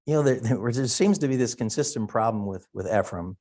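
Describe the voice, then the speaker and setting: Brisk, warm and expressive, a medium-pitched male voice carries a Sunday school Bible lesson. The teacher, a middle-aged Wisconsin man, thinks aloud in a folksy, chatty style.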